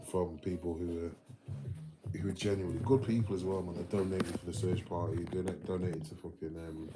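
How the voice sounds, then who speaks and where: A man's voice: low-pitched, poor audio. An English man ranting casually on a livestream, swearing a lot and ending his sentences with "man" and "mate". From England. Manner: sweary, rambling, tags lines with "man" and "mate". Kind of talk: rambling casual rant. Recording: music playing loudly behind the voice.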